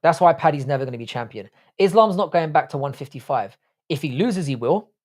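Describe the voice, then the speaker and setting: A man's voice: on the high side, expressive, brisk, a little mellow. A young man, Irish-born and London-raised, hosts a casual livestream. He talks bluntly and swears freely while reacting to viewers' comments. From Ireland. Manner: blunt, profane, chatty. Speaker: livestream host. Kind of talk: casual live chat reading comments.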